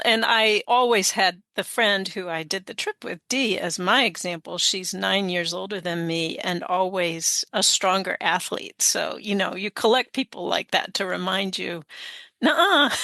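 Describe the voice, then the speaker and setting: Bright-voiced woman in her sixties. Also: mid-range voice, fairly even intonation, a little slow, creaky, few pauses, dry recording, clean studio sound. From United States. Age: 60s. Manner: chatty, laughs often, many fillers. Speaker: guest author. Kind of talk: conversational interview.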